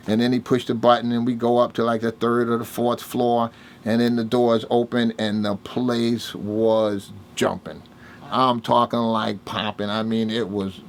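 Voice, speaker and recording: An older man, telling stories in a casual interview and acting out the dialogue with big swings in his voice. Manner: animated storyteller, acts out dialogue with big pitch jumps. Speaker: interviewee, music producer.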